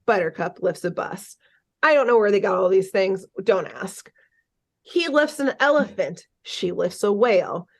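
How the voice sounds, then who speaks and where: A woman co-hosting a podcast, recapping a cartoon episode in animated, casual storytelling with plenty of swearing. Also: medium pitch, unhurried, creaky. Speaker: podcast co-host.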